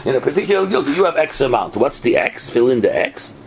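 Gravelly man, lively pitch, Torah lecture, keeps asking "right?", noisy recording. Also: fast. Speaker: Torah teacher.

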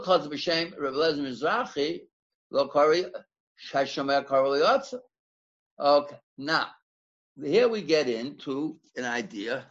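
A man teaching a Torah study class, explaining step by step and quoting Hebrew and Aramaic sources, often restarting words as he thinks. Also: mid-range voice. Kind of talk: Talmudic study lecture. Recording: dull lo-fi recording.

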